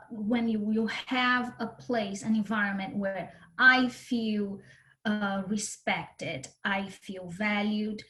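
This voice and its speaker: A woman's voice: medium pitch, fairly bright tone. A woman from Brazil with a Brazilian Portuguese accent, a guest on a podcast interview explaining her ideas earnestly, sometimes repeating words. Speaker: guest, cultural differences consultant.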